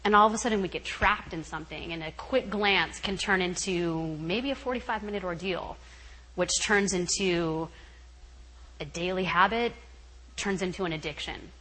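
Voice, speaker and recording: A young woman as guest speaker telling a story, animated, acting out her own thoughts with shouts and laughs. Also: lowish voice, moderate pace. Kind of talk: storytelling talk. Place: camp meeting hall. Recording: long hall reverb, faint ambience.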